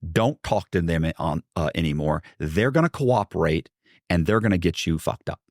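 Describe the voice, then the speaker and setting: Man, deep voice, dry close sound, animated storytelling, acts out quotes. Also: moderate pace, no room sound. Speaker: guest. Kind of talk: storytelling in a podcast interview.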